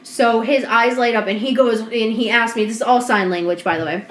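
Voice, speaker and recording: A woman co-hosting a podcast, telling a story in casual chat, animated and swearing, acting out what people said. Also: on the high side, brisk, slight background noise. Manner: animated, swearing, acts out quotes. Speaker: podcast co-host. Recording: roomy echo.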